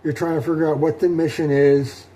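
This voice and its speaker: A middle-aged man talking through his solo tabletop role-playing session in a rambling, halting way, with many fillers and restarts. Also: a little high, little pitch movement, warm tone. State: sleepy, yawning. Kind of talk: rambling casual talk.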